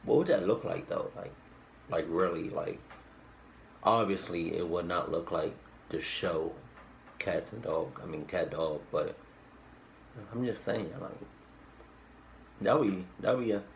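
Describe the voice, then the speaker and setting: A man with a low, gravelly voice talks slowly and loosely, circling around his point with crude jokes and false starts. It sounds like casual reaction commentary, with a faint hiss of noise behind him. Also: rough recording. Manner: rambling, crude jokes, frequent restarts and fillers. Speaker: reaction video host.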